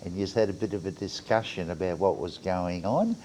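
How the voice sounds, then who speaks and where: A man's voice: low-pitched, a little fast, a little mellow, a little hiss or hum. An Australian man, a player's family member, teasing the team in a casual recorded message. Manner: teasing, matey.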